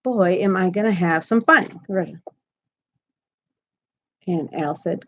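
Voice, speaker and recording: A woman's voice: lowish voice, slow, fairly bright tone, lo-fi sound. A woman in her thirties hosting a live crochet stream from home, chatty and giggly as she reads viewer comments aloud. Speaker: crochet channel host. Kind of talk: casual live-stream chat.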